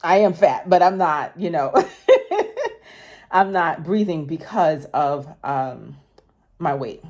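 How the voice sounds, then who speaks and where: Speaking slowly in a low, darkish voice, a woman vlogger in her thirties recounts something personal. She rambles chattily, stumbling into fillers and restarts and correcting herself, a little out of breath.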